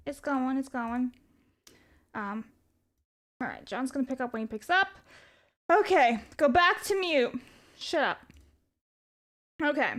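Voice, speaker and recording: High-voiced, chatty woman streamer. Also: big pitch swings, normal speed, pauses often, a bit bright. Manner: rambling and profane, reads chat aloud. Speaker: livestreamer. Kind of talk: casual live stream chat.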